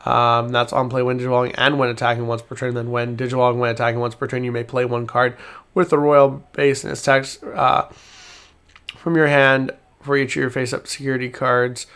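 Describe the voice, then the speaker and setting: A man's voice: medium pitch, level tone, brisk, fairly bright tone, smooth. A man hosting a card game channel, reading card text aloud with fillers and self-corrections in a casual review.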